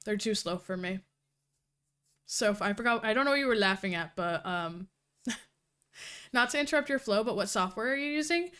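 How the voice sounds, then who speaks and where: A woman livestreaming casual chat with her viewers, talking fast and cursing freely, a little out of breath. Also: medium pitch, lively intonation, fairly bright tone, smooth. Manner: fast-talking, profane, giggly. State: slightly out of breath. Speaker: livestreamer reviewing books.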